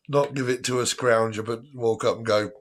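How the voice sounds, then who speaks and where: A man hosting a live tarot stream in a casual, chatty way, often breaking into laughter. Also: mid-range voice.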